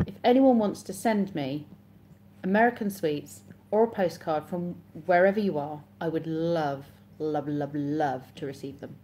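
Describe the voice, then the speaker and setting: A woman's voice: sits low, measured pace, mellow. An English woman hosting a casual live stream, chatting and reading viewer comments aloud with frequent laughs. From England.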